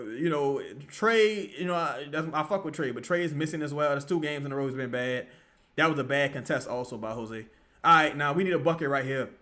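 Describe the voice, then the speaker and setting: A man giving profane, excitable live commentary while he watches a basketball game, often shouting at plays. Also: on the high side. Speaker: live-reaction streamer.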